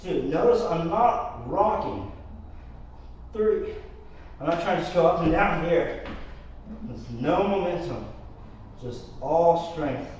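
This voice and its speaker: A man's voice: on the high side, animated, slow pace, long pauses, a little mellow, a little hiss or hum. A man teaching a Pilates class while doing the exercises, counting reps and coaching, out of breath at times. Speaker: Pilates instructor. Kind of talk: live workout class instruction. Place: warm studio. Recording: echoey, distant, slightly muffled mic.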